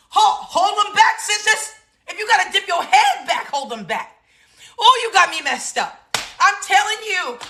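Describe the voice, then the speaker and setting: Sassy, bright-voiced woman host in her thirties. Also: very high voice. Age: 30s. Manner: animated, sassy, laughing often, exclaiming. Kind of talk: casual political commentary.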